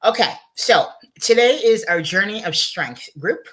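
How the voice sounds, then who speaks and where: A man hosting a motivational vlog, talking in an excited, playful and chatty way, a little giddy and emotional. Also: sits high, measured pace. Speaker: motivational video host. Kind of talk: upbeat motivational vlog talk.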